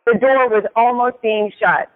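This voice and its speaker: A man's voice: extremely high pitch, steady tone, measured pace. A man giving a motivational talk, telling a story with emphatic delivery and often asking "right?". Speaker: motivational speaker. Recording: tinny phone-like sound with long reverb.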